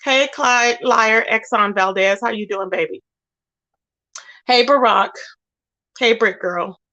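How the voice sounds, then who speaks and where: A woman's voice: on the high side, takes it slowly, pushed and bright, dull audio. Indignant woman ranting on a livestream. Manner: indignant, emphatic, talks to chat viewers. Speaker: livestream host. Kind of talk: heated livestream rant.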